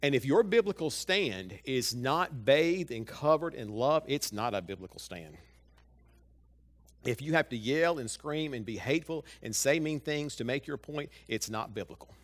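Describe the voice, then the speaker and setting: A male pastor speaks at medium pitch and a moderate pace as he delivers a sermon in the church sanctuary. His manner is lively, and he talks straight to the congregation, asking it question after rhetorical question.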